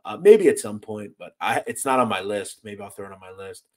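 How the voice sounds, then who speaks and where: Blunt, lively American host on a livestream. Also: male voice, on the low side, a little fast. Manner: blunt, swears freely, animated and exasperated. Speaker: host reading live chat. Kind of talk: casual livestream chat.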